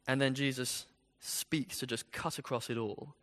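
A man's voice: medium pitch, fairly even intonation, measured pace, hardly any pauses, fairly bright tone, long reverb tail. A man preaching an expository sermon in a conversational way, with rhetorical questions.

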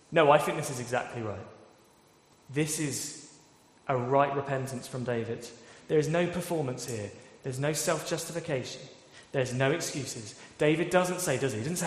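A man's voice: mid-range voice, normal speed. Man preaching in an echoey hall. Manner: expressive, rhetorical questions, acts out quoted voices. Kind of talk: sermon. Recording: echoey hall with long reverb.

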